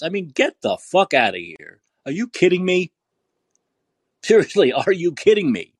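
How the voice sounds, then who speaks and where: Podcast host, man, furious profane rant, lively husky voice, dry close mic. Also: high-pitched, normal speed, dry recording. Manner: yelling, profane, repeats rhetorical questions. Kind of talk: angry political rant.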